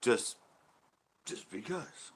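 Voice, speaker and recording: A man hosting a fishing channel, chatting casually on a live stream, rambling and joking and slipping into put-on accents. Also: drawn-out words.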